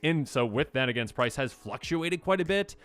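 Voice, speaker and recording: A man hosting a casual card review, chatty and enthusiastic, with a slightly hoarse voice. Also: mid-range voice, expressive, a little fast, a bit bright. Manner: enthusiastic, chatty, lots of fillers. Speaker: channel host.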